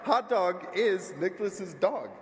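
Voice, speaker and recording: A man's voice: sits high, expressive, measured pace. A man accepting an award for someone else, rambling with shaky, emotional nerves. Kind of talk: nervous acceptance speech. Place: large event hall stage. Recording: echoey hall with ambient crowd noise.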